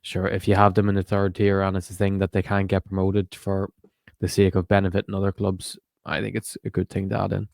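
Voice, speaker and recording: Male co-host, low gravelly monotone, dry mic. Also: a little fast, few pauses, dry recording. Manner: teasing, matter-of-fact. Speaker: podcast co-host. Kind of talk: casual football podcast chat.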